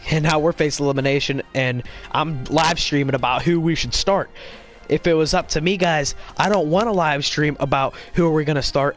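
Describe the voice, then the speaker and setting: A young man hosting a casual hockey live stream, chatting to viewers in a quick, rambling way while playing a video game. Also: on the high side. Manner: rambling, quick, with fillers and restarts. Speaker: podcast host live streaming.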